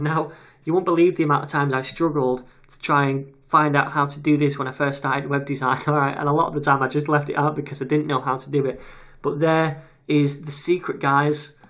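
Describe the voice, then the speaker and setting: A man's voice: fairly high pitch, a bit bright. A man teaching a web development tutorial in a casual, chatty way, reading details aloud as he types. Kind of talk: screen-recorded coding tutorial. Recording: audible keyboard typing noise. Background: keyboard clicks and typing.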